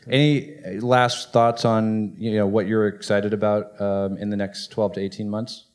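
A man moderating a conference panel, with brief, relaxed questions. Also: lowish voice, unhurried, clear, resonant tone.

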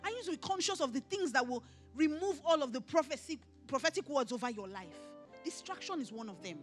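A middle-aged woman pastor with a Nigerian accent, preaching emphatically at a conference and often raising her voice to a shout. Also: high voice, a little fast, faint music behind. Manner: emphatic, animated preaching with rising shouts and mimicry. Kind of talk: conference sermon. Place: conference hall.

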